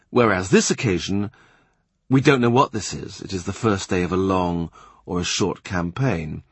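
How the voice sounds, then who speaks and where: Husky male audiobook narrator. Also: sits low, dry recording. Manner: even, literary reading. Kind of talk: scripted narration.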